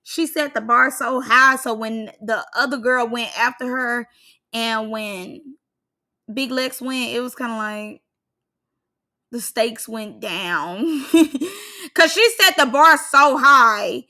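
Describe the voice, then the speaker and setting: A young woman recaps a reality show in a loose, chatty vlog voice. She is opinionated and full of filler words, with a slightly high, crisp, bright tone. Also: slow pace. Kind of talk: casual reaction commentary.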